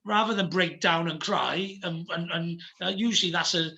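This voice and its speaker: A man's voice: on the high side, normal speed, gravelly, sharp tone. A man with a Yorkshire accent hosting a casual interview, talking bluntly and chattily with lots of fillers. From Yorkshire, England. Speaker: podcast host.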